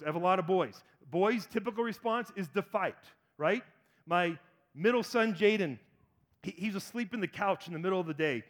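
Animated man preaching, high voice. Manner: animated, acts out voices of people in the story. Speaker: pastor. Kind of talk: sermon.

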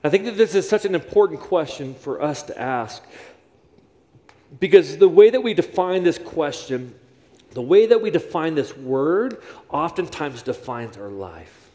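A man delivers a sermon from the front of a church, circling back to repeat key phrases for emphasis. His voice sits high for a man. The sound rings with the long reverb of a large hall. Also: expressive, a little slow, mellow. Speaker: pastor. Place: church sanctuary.

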